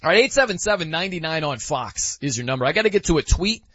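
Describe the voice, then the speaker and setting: A man's voice: a little high, expressive, fast, a bit bright, dry recording. A man hosting a sports talk radio show, talking casually with loose restarts. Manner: casual, conversational, trailing restarts. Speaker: radio host. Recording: lo-fi radio broadcast.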